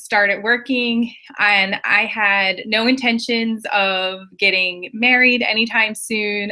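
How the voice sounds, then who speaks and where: A woman in her thirties sharing her personal story on an online group call, candid and chatty with quick asides. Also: medium pitch, pushed and bright. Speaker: guest. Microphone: video call.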